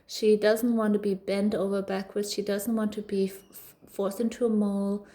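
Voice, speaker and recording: Chatty mellow-voiced mother telling a story. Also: medium pitch, level tone, normal speed. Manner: chatty, frequent fillers and restarts. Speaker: parenting vlogger. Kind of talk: casual storytelling monologue.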